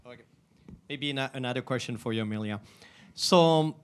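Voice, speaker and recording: Man moderating a panel, stops and restarts his questions, middle pitch. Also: smooth. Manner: halting, rephrases questions.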